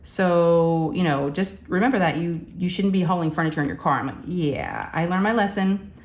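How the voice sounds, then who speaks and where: A woman's voice: fairly low pitch, a little fast. A woman, a crafting vlogger telling a story in casual chat and acting out the quotes with animation. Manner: animated, acts out quotes, says y'all.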